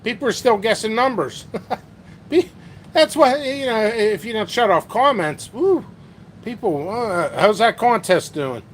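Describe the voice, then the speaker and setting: A man's voice: high-pitched, lively intonation, unhurried, recorded from a distance, a little hiss or hum. A man hosting a casual live stream about peppers and hot sauce, rambling and joking at his own expense. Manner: rambling, joking, self-mocking.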